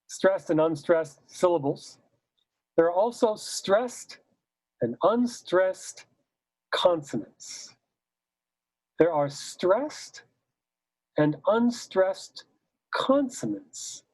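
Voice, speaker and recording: Speaking extremely slowly with frequent pauses, this choral conductor and clinic leader has a medium-pitched, darkish voice with lively intonation. In a recorded teaching seminar, they patiently work through each point and demonstrate example words both incorrectly and correctly. The low-quality recording has no echo.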